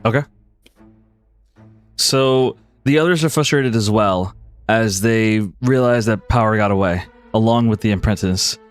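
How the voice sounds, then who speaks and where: A man narrating calmly as game master of a tabletop role-play. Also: on the low side, clean tone, no room sound, faint music behind. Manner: calm, measured narration.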